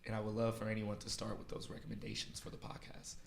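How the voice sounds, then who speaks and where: A man hosting a podcast interview, excitable and quick to laugh, chatting casually with his guests. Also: lowish voice, creaky. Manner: excitable, laughing, quick rapid-fire asides. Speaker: podcast host. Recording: roomy echo.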